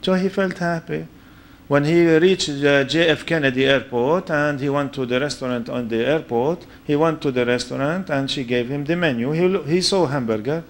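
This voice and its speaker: A man's voice: on the high side, moderate pace. A man with a foreign accent giving a storytelling religious lecture and checking in with his listeners. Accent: foreign accent in English. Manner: anecdotal, checks in with listeners with "huh?".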